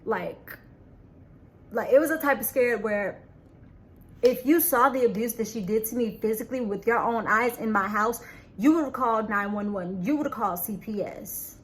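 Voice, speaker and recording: Halting, earnest woman telling her story. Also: a little high, slight background noise. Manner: halting, repeats words and restarts sentences. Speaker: vlogger. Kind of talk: personal storytelling to camera.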